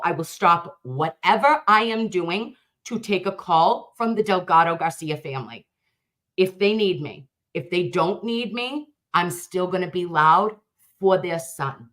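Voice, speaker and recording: A woman hosts a livestream with fervent, emphatic commentary. She repeats her points for emphasis and addresses her viewers directly. Her voice sits at a middling pitch for a woman. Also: a bit bright.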